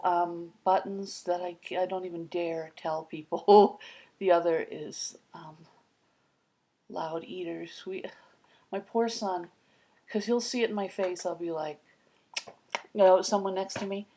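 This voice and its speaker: A woman's voice: on the low side, darkish tone, husky. A middle-aged woman vlogging in casual chat, rambling with many fillers and dropping into whispered asides.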